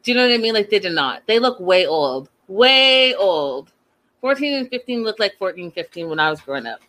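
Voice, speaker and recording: A woman casually recapping a reality show in a sassy, chatty way, full of quick slangy asides. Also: mid-range voice, sing-song, fairly bright tone.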